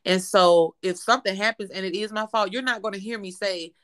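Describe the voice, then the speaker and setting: A woman's voice: mid-range voice, fairly even intonation, fairly quick, fairly bright tone. A woman co-hosting a podcast who talks bluntly and emphatically in casual chat. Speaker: podcast co-host.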